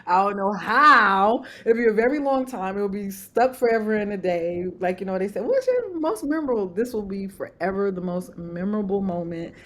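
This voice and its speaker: A woman's voice: medium pitch, expressive, normal speed, hardly any pauses, fairly bright tone. A woman author, a podcast guest, chatting casually and acting out quoted voices, often laughing.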